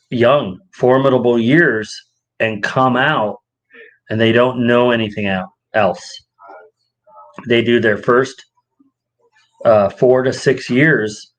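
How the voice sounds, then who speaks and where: A young adult man co-hosting a podcast in casual chat, an animated storyteller who acts out quoted exchanges. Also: mid-range voice. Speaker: podcast co-host.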